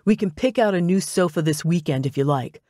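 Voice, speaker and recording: A woman's voice: fairly low pitch, animated, a little fast, mellow, dry recording, clean studio sound, natural voice. A woman voicing a smug, pushy young ex-boyfriend who talks in a sing-song voice.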